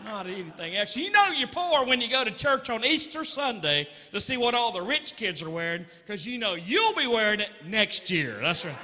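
A man from Georgia with a Southern American accent, doing animated stand-up storytelling and teasing the crowd. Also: high voice, normal speed, hardly any pauses, long reverb tail, a little hiss or hum. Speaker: comedian. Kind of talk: stand-up comedy.

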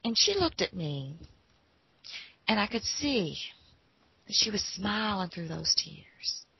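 A woman telling a personal story in an unhurried, folksy way. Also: mid-range voice, sing-song, gravelly, husky, no echo, dull audio.

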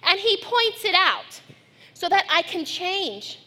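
A middle-aged woman pastor preaching a sermon, telling family stories with lively acted-out quotes. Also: extremely high pitch, slow pace. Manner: storytelling, animated when acting out her daughter.

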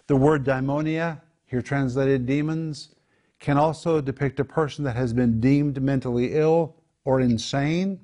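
A man's voice: medium pitch, darkish tone. A man teaching the Bible in a home group discussion, explaining Greek words and repeating key phrases for emphasis.

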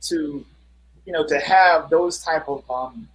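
A man's voice: on the high side, slow pace, fairly bright tone, poor audio. A middle-aged man, a guest musician, telling stories in a casual interview with an earnest manner and many fillers.

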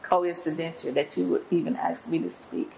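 Low gravelly older woman testifying. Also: fairly even intonation, normal speed, warm tone, slight background noise, low-quality recording. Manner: earnest, preacherly storytelling. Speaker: guest apostle and pastor. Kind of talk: testimony in an interview.

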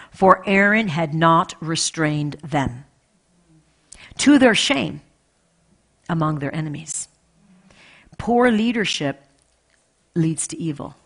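A woman pastor preaching a sermon with passion, repeating phrases and swinging between loud emphasis and hushed asides. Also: lowish voice.

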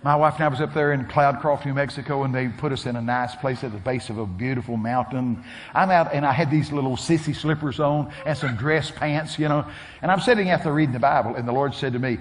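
A man preaching a sermon, telling stories with animated delivery and shouting his punchlines. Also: medium pitch, fairly quick, a little hiss or hum. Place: church sanctuary. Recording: long hall reverb.

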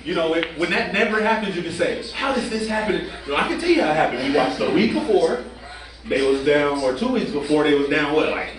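A man co-hosting a casual group chat, telling a story in an animated, opinionated way. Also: a little high, fast talker, music in the background. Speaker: co-host. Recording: echoey room, mic far off.

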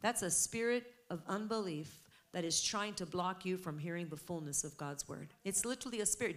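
A middle-aged woman pastor delivering a sermon, building from measured teaching to loud, emphatic preaching. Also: fairly low pitch, lively intonation. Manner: preaching with rising, emphatic intensity.

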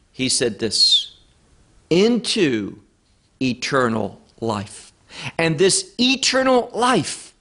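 A man teaching a Bible study lecture, reading verses aloud and stressing key words with firm, deliberate emphasis. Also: high-pitched, a bit bright.

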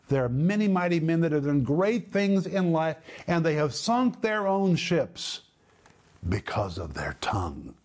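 A middle-aged man teaching from the Bible on a TV program, slow and emphatic, dropping low at the ends of verses. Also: darkish tone, slightly rough.

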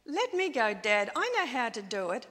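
A woman's voice: a little high, sing-song, moderate pace, pushed and bright, full character voice. A woman preacher voicing an eager eleven-year-old boy, earnest and pleading. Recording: long church-hall reverb.

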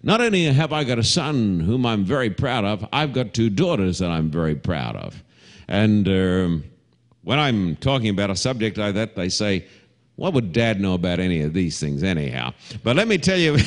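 An Australian pastor in middle age preaches to a congregation, his pitch swinging widely from high to low. He delivers the sermon with animation and mixes homely stories and gentle humor into it. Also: big pitch swings, normal speed. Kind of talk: televised sermon to a live congregation.

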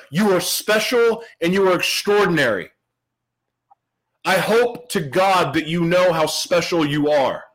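A motivational speaker shares his life story as a personal testimony to an audience, earnest and emotional. He repeats phrases for emphasis and drops to a hush at tender moments. His voice is high-pitched, and the audio is poor.

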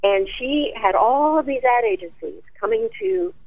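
A woman guest, an actress and speaker, telling her life story in an animated way and laughing often. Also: a little high, moderate pace. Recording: tinny dry phone line.

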